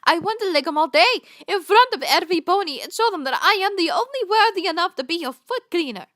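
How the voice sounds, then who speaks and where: Girl doing a squeaky high pony princess, begging, weird made-up accent, bright tone. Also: lively intonation, moderate pace, full character voice. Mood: adoring. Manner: odd put-on accent, breathless and pleading. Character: adoring submissive female pony princess.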